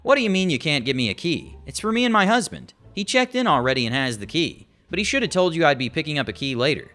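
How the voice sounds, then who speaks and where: A man's voice: on the high side, very animated, fast talker, fairly bright tone. A man voicing an indignant entitled wife. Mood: demanding. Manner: indignant, condescending. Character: entitled demanding wife, middle-aged woman.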